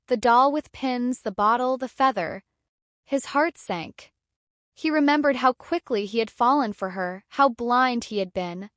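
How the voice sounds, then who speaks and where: A woman's voice: a little high, dry recording, studio quality. Woman narrating a dramatic folktale. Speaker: storyteller. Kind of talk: scripted story narration.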